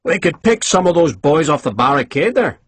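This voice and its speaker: A man's voice: a little high, big pitch swings, moderate pace, a bit bright, husky, no room sound, heavily acted. A man voicing a practical rifle sergeant who asks plain questions, in an audiobook.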